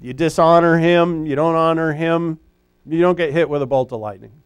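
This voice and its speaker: Animated, higher-voiced man preaching a sermon. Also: moderate pace, smooth, no room sound. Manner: conversational, animated preaching with frequent restarts. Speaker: pastor; former high school teacher. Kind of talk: expository sermon.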